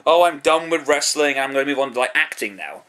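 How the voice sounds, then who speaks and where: A man's voice: medium pitch, lively intonation, fairly quick, fairly bright tone, lightly acted. A British man briefly putting on a famous man's breezy announcement, in a voice close to his own. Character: famous man gleefully announcing a career move.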